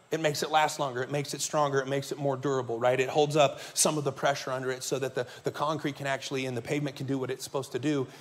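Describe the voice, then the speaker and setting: A man preaching a sermon as pastor to his congregation, telling stories in a conversational way and asking the listeners questions. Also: mid-range voice. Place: church sanctuary before a congregation.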